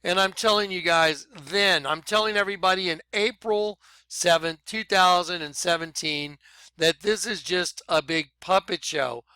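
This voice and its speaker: A man vlogging excited commentary over videos he plays, talking emphatically and apologizing for rushing ahead. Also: high-pitched, clear, resonant tone, dry recording. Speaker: video blogger.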